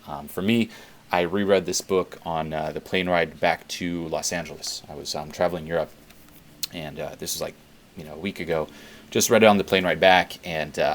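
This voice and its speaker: A man talking casually in a self-help vlog, rambling with lots of fillers and blunt swearing. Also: sits low. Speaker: self-help video host.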